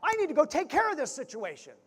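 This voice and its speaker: A man's voice: very high-pitched, huge pitch swings, fast, pitched above the performer's own voice, heavily acted. A man voicing a fretful older woman who rants in exasperation about a wedding. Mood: exasperated. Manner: exasperated, ranting. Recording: reverberant church hall.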